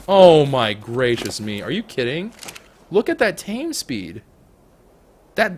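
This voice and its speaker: A young man commenting on his own gameplay with a jumpy, animated voice that leaps high when things go wrong. He jokes and talks to the creatures on his screen. A faint hum of ambience sits under him. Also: fairly quick. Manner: excitable, jokey, talks to the animals. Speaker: gaming YouTuber. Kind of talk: let's play commentary.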